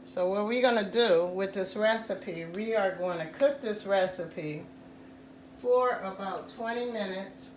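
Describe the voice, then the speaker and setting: A woman hosting a casual home cooking tutorial, talking slowly and repeating "guys" to her viewers. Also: medium pitch, reverberant, slight background noise. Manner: slow, repetitive, says "guys" often. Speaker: cooking channel host.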